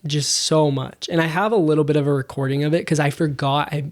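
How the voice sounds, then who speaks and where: Animated young man telling a story. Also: a little high, quick pace. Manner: animated, acts out quoted dialogue, many fillers. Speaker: podcast guest. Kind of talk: casual storytelling.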